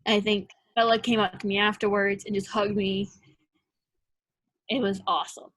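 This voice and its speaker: Young woman, animated storyteller. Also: medium pitch, moderate pace, dry recording. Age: young adult. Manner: animated storytelling, acts out quoted lines. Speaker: guest, college soccer player. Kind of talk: casual interview chat.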